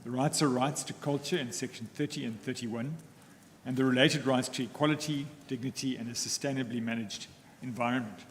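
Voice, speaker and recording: A male advocate, presenting a legal argument in a measured, formal manner, pausing often between phrases. His mid-pitched voice carries a long echo from the courtroom, with faint ambient noise behind him. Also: fairly even intonation. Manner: measured, deliberate, formal, with frequent pauses. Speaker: counsel for the applicants.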